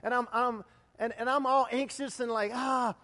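A high-pitched man delivering a sermon, preaching in an animated storytelling way. He swings between loud, excited outbursts and quiet, hushed lines. His voice rings out with long reverb, as in a church sanctuary. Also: moderate pace. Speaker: pastor.

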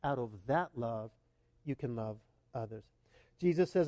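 A male pastor preaching to his congregation, emphatic, swinging between loud urging and hushed, tender asides and often asking the listeners questions. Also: mid-range voice, lively intonation, unhurried, pauses often, no echo, big-room sound, muffled recording. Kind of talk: sermon.

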